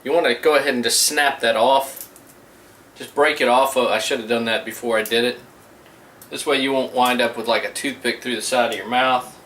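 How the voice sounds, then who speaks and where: A man's voice: mid-range voice, fairly even intonation, brisk, a bit bright. A middle-aged man from the Gulf Coast, chatting casually to viewers while he grills in his backyard. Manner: laid-back, chatty, talks to viewers while cooking. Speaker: home cook vlogger. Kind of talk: casual cooking vlog. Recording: roomy sound from a distance, faint background noise.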